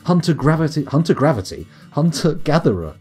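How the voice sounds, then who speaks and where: A streamer with a mellow, slightly husky voice who chats his way through a game. He rambles from topic to topic with a lively, swooping delivery and swears freely. Soft guitar music plays faintly behind him. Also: a little high, a little fast. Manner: rambling, sweary, tangent-prone. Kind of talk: casual live-stream commentary.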